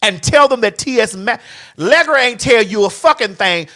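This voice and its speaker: A woman's voice: fairly high pitch, moderate pace. Brash profane woman telling stories. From Atlanta, Georgia, USA. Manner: brash, profane, animated storytelling. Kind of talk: casual podcast chat.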